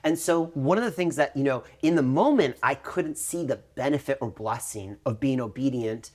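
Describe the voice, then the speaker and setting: A man in his thirties co-hosting a faith podcast, telling a personal story in a lively way and acting out what others said. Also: mid-range voice, normal speed. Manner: animated storytelling, acting out quoted voices. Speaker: podcast co-host. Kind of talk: conversational testimony.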